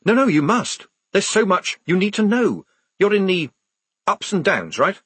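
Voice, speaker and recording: A man voicing an eager young male writer who talks urgently and pleadingly, pitched up, with a husky tone. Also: huge pitch swings, moderate pace, a bit bright, no echo, exaggerated voice.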